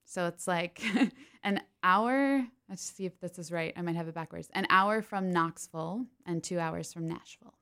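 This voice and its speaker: A chatty woman from Pennsylvania, talking casually as a guest about her stage work. Her voice sits a little low for a woman, and she keeps dropping "like" fillers and breaking into laughs. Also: moderate pace, bright, forceful tone, clean tone. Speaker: podcast guest, stage actress. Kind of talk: casual interview chat.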